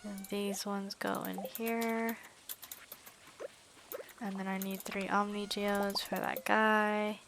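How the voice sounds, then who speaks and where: A woman in the middle of a relaxed let's-play stream, narrating what she is doing as she goes. Her voice sits at an ordinary pitch, and she breaks in with quick, self-aware side comments. A faint hiss runs under her voice. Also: gravelly. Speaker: game streamer.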